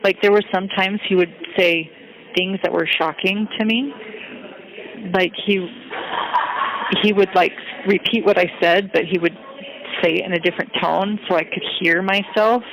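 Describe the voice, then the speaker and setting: A woman on a recorded phone call, talking haltingly and searching herself, with many restarts. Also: mid-range voice, steady tone. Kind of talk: confessional phone conversation. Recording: phone call with crowd noise.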